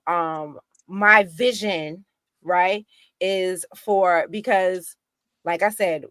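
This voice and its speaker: A woman talking in a casual political discussion, animated and indignant, with many restarts. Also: fairly low pitch, no echo, studio quality. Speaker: guest activist.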